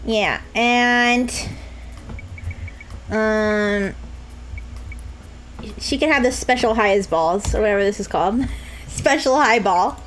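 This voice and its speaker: A woman's voice: mid-range voice, takes it slowly, long pauses, a bit bright, slight background noise, rough recording. A young woman streaming a game live, chatting to viewers with crude jokes and frequent laughter, sometimes slipping into mock sobbing. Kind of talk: live-stream gameplay commentary.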